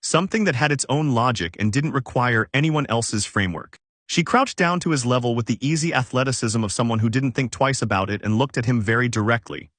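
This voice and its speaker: Male storyteller, mid pitch, steady even read, dry close recording. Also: fairly quick, no room sound. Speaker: narrator. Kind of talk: scripted story narration.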